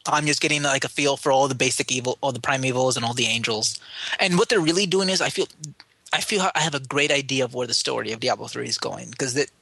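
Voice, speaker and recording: A man's voice: mid-range voice, fast talker, creaky, sharp tone, slightly rough, no room sound. A man co-hosting a podcast, chatting casually and rambling with many fillers. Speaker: podcast co-host. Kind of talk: casual chat.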